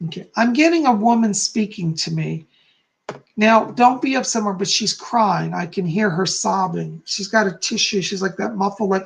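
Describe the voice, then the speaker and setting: A man's voice: high voice, animated, moderate pace, creaky. A man hosting a live stream as a psychic, relaying spirit messages to viewers by name while losing his voice.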